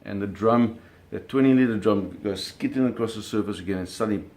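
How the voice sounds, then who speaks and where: A middle-aged man with a slightly low voice tells a story in a casual, spoken way. He is animated, and he punctuates it with sound effects and acted-out quotes. Pace and energy surge and drop as he talks. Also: brisk. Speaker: storyteller recounting a fishing trip.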